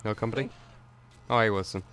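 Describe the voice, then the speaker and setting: A man's voice: fairly low pitch, brisk, fairly bright tone. A man giving casual let's play commentary, rambling with stammered restarts and chuckles.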